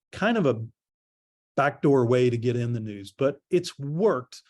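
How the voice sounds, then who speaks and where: A man's voice: mid-range voice, unhurried. A middle-aged man presents to an audience, chatting his way through anecdotes. His voice sits in a mid range. The delivery is loose and conversational. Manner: conversational storytelling, animated quoting. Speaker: public relations presenter. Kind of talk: conference presentation.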